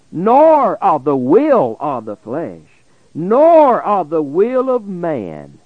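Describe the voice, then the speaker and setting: A man preaching a Bible sermon on the radio, reading verses slowly and stressing key words, dropping his voice low at the end of phrases. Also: dry recording, narrow, tinny audio. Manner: slow emphatic preaching, drops low at phrase ends.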